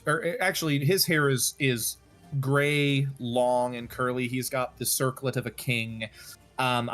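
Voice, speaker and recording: A man running a tabletop game, describing scenes slowly and haltingly with frequent pauses and fillers. His voice sits at a middling pitch, and faint music plays in the background. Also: a bit bright, clear, resonant tone. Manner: hesitant, many fillers. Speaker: game master.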